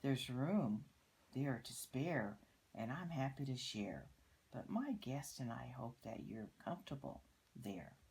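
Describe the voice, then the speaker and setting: An older woman voicing a kind, gentle male moose in a storybook. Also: rumbling low, very animated, takes it slowly, heavily acted. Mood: friendly.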